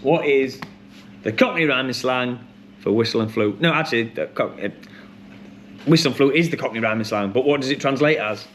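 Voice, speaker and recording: A man hosting a pub quiz, chatty and rambling with many ums and restarts, who reads each question and then repeats it slowly. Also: mid-range voice, a bit bright, a little hiss or hum. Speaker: quiz host.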